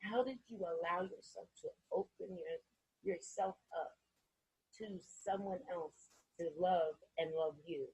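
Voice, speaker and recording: Very breathy woman hosting an interview. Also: fairly low pitch, measured pace, darkish tone, no echo, low-quality recording. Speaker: interview host. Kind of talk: candid podcast conversation.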